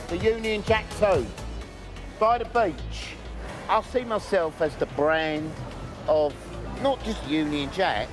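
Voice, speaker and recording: A man's voice: high voice, takes it slowly, music in the background. An older man who runs a bar, talking in a brash, showy way and swearing freely. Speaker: bar owner. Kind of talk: casual chat and banter.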